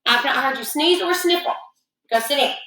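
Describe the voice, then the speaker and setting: A woman teacher giving a phonics lesson to young children, slow and patient, drawing out her words. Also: high-pitched, bright, forceful tone. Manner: patient, sing-song, slowly drawn-out words. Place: classroom with children. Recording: echoey classroom.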